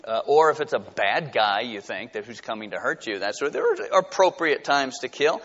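A man's voice: mid-range voice, normal speed. Man preaching in an echoing hall. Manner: animated, conversational preaching with rhetorical questions. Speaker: pastor. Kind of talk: sermon. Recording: dull sound with long hall reverb.

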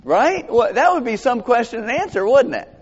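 A pastor delivers a conversational sermon, reading scripture aloud and putting questions to his congregation in an animated, expressive way. His voice is extremely high and slightly rough, at a moderate pace. The audio sounds dull, with a long hall reverb.

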